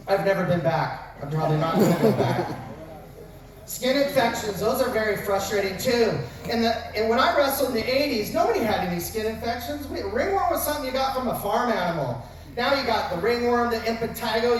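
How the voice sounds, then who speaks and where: A man in his fifties, a wrestling coach, telling funny self-mocking stories in an after-dinner speech. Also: sits high. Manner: joking storyteller with self-mocking asides. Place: large banquet hall at a dinner event. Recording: very echoey hall recorded from far off, faint noise.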